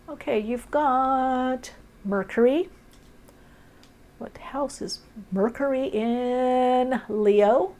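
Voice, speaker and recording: A woman's voice: sits high, very slow, long pauses, mellow. A woman doing an intuitive tarot reading, musing aloud in short, dreamy phrases. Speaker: tarot reader. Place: indoors, off camera.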